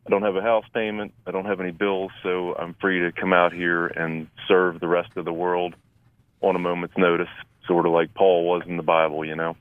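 A man in his fifties with a very low, deep voice speaks earnestly and plainly. The line is thin and tinny, like a phone call, and the sound is dry and close. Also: little pitch movement, moderate pace, no echo. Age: 50s. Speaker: guest volunteer. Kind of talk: radio interview.

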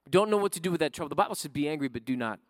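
A man preaching a sermon in a conversational way, often checking in with his listeners with a quick "right?". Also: a little high, expressive, no room sound, clean studio sound. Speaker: pastor.

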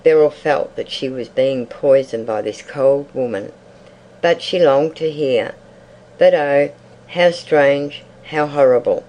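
A reader narrating a literary short story in a measured, even audiobook style. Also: mid-range voice, low-quality recording.

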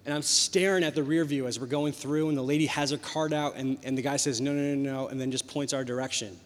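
A young man preaching a sermon, telling a personal story in a lively, conversational way. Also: mid-range voice, quick pace. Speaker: pastor. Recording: long hall reverb.

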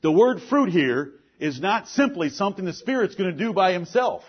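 A man preaching a sermon with force, asking pointed questions and swinging between loud and low lines. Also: big pitch swings, moderate pace, breathy edge, lo-fi sound. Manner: forceful preaching, rises and drops sharply, rhetorical questions. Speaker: pastor.

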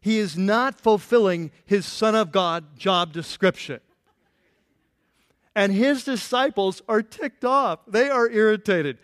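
A man preaching a sermon as a pastor, animated and playful, acting out the voices in the stories he tells. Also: high voice, slow, clean tone. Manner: animated, playful, acts out quotes.

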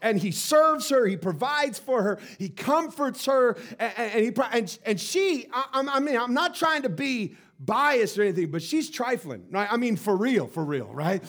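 A male pastor with a high-pitched voice, preaching to his church in an animated storytelling manner. He tumbles over repeated words and restarts as he tells his tale. His voice lifts brightly above the usual male range. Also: moderate pace, hardly any pauses. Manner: animated, stammering repetitions. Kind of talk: sermon storytelling.

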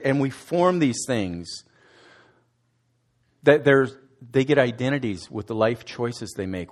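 A man giving a conversational sermon as a student ministries director, asking his listeners direct questions and now and then restarting words. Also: fairly low pitch. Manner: conversational preaching, asks the audience direct questions, some restarts.

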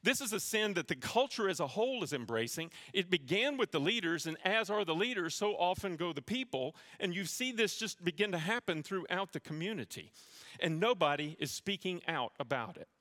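A man's voice: high-pitched, expressive, fairly quick, sharp tone, long reverb tail. A man preaching a sermon in a church, telling a personal story with self-deprecating humor before teaching from scripture. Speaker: pastor. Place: church sanctuary.

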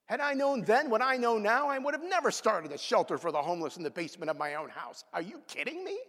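A man preaching a sermon, swinging between loud outbursts and hushed, quiet asides. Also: sits high, fast. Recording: long hall reverb.

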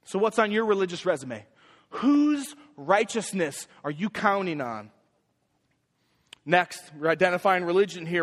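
A young man preaching a sermon as a young adults pastor, emphatic, with sharp rises in pitch on his key points. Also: big pitch swings, measured pace. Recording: long hall reverb.

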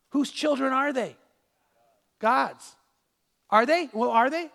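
A man's voice: very high-pitched, measured pace, creaky, pauses often, a bit bright, big-room sound. A man preaching a sermon as pastor, pressing the congregation with emphatic rhetorical questions.

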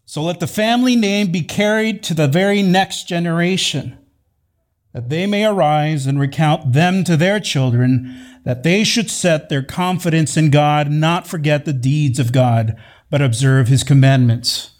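Guy preaching in church, slightly high voice, slow and emphatic, repeats lines for effect. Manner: measured, emphatic, repeats key phrases. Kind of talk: sermon. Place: church sanctuary.

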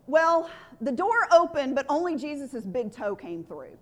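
A woman's voice: high voice, lively intonation, normal speed, a little mellow. A woman pastor preaching a sermon in an earnest, conversational way, leading the congregation in call-and-response.

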